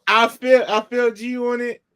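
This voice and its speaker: A man's voice: extremely high pitch, flat delivery, a little slow, a bit bright, clean tone. A man co-hosting a casual boxing podcast, rambling in slang with frequent restarts. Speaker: podcast co-host.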